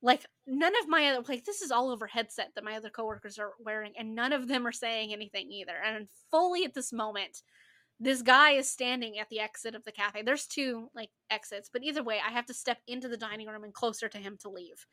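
Young woman podcast co-host, fairly high bright voice, emphatic casual storyteller. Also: brisk. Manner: emphatic, repetitive, swears casually.

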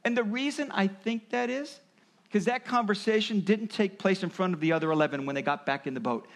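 A man's voice: sits high, a little fast. A man preaching a sermon, explaining and acting out quoted voices as he goes. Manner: animated, acts out voices of parents and Jesus. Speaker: pastor.

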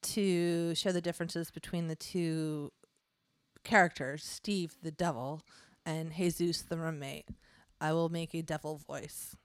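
A woman's voice: low-pitched, fairly even intonation, unhurried, smooth, no echo, clean studio sound. A woman co-hosting a podcast in casual, rambling, giggly chat. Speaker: podcast co-host.

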